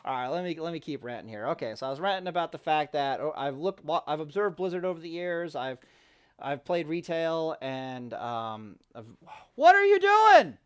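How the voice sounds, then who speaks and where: Profane rambling man, higher voice. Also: moderate pace, clean tone. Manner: profane, rambling, restarts often. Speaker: gaming vlogger. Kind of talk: ranting casual monologue. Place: home near a kitchen.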